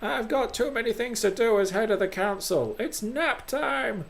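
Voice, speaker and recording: A man's voice: very high voice, animated, moderate pace, gravelly, pitched above the performer's own voice, exaggerated voice. A man putting on a pompous, cranky old council leader woman. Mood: grumpy. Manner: pompous speechmaking, grumpy outbursts.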